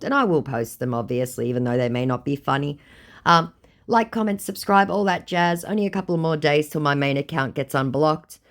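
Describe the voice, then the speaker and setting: A woman with an Australian accent, casually and bluntly telling stories to camera as a scam-baiting vlogger. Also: very deep voice. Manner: sarcastic, blunt, reads chats aloud.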